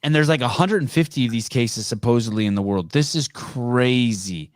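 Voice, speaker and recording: A man's voice: mid-range voice, normal speed, no echo. Podcast host guy, blunt, swears a lot, dry close sound. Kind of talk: casual chat.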